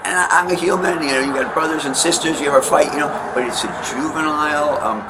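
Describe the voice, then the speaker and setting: A landlord being questioned by a detective in a recorded police interview, talking in a rambling, defensive and emphatic way. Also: male voice, a little high, quick pace, heavy background noise.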